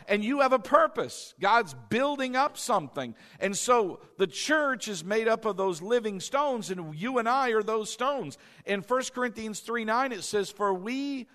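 A man with a high voice preaching a lively sermon. He keeps getting the congregation to say phrases back to him. His delivery is animated and conversational. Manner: animated, calls the congregation to repeat after him. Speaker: pastor.

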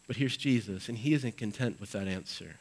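Delivering scripture with dramatic force at a fairly quick pace, the pastor moves between booming emphasis and quiet, low passages in his Easter church sermon. It's a low-quality recording.

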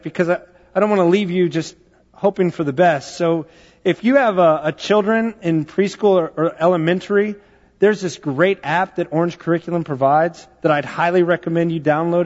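A man preaching in a church, his fairly high voice ringing with a long reverb in a big room. The sound is a little dull, as if from a modest recording. He tells stories conversationally, with plenty of fillers. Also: normal speed. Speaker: pastor. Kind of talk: sermon.

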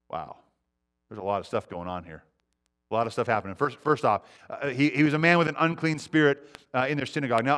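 A man preaching a sermon as pastor, earnest, letting his sentences fall to a quiet hush. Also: a little high. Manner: earnest, often dropping to a quiet hush at phrase ends; repeats words as he restarts.

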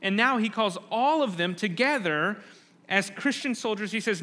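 A man's voice: high-pitched, animated, normal speed, bright, forceful tone. A man preaching a conversational sermon, often restarting phrases, and acting out quoted lines with rising intensity. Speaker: pastor.

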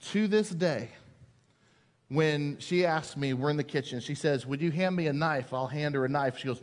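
High-voiced preacher telling a story in a big hall. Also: male voice, normal speed. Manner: storytelling, acts out quoted voices, builds to emphasis. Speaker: pastor. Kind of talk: sermon with personal story. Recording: long hall reverb.

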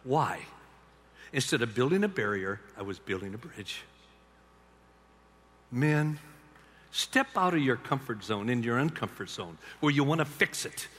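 An older man telling stories in a sermon to a large gathering of men, swinging between hushed tenderness and loud emphasis. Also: medium pitch, expressive, a little slow, long pauses. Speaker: speaker to a men's gathering. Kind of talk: sermon-style storytelling talk. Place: large arena or stadium. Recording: long hall reverb.

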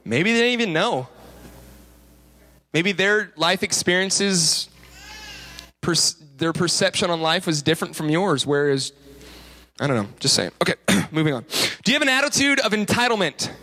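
A male pastor delivering an animated sermon in church. His voice sits high and rings bright and forceful. He slips in quick playful impressions of the people he describes. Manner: animated preaching, acting out quoted voices.

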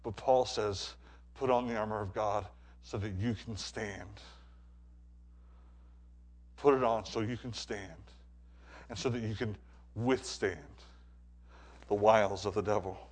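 A man preaching a sermon, animated, swinging between quiet stretches and loud, emphatic builds, often repeating words as he presses a point. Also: on the low side, a little slow, pauses often.

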